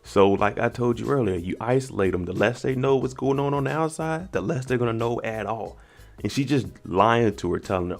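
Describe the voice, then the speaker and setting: A man's voice: mid-range voice, animated, normal speed, vocal fry, darkish tone, faint music behind. A man giving a casual, slangy recap of a TV episode and reacting to each scene as he goes. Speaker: TV recap vlogger.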